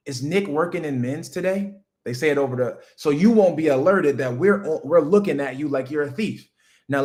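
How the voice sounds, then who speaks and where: A man, hosting a livestream and delivering a loud, preachy motivational rant that jumps high when he hammers a point. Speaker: livestream host.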